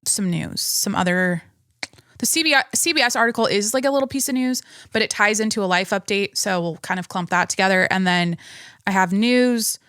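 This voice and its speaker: A woman's voice: medium pitch, brisk, a bit bright, no room sound, studio quality. Chatty young woman hosting a podcast. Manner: rambling and chatty, frequent restarts and laughs. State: pregnant. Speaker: podcast host. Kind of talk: casual solo podcast chat.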